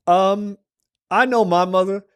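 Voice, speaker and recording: A man chatting on a movie review podcast with a somewhat high voice. He retells the film scene by scene and slips into the characters' lines as he goes. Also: takes it slowly, clean tone. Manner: animated storytelling, acts out quotes, swears freely. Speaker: podcast co-host. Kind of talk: casual movie review chat.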